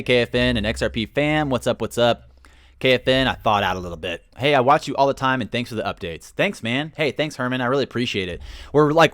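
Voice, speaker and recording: Animated male livestream host, dry sound. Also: medium pitch, no echo. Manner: animated, greets viewers by name, storytelling. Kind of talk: casual livestream chat.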